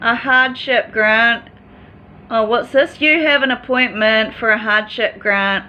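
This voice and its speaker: A woman's voice: fairly high pitch, slow, dull audio. A woman in a personal vlog monologue, talking in an agitated, rambling and distressed way.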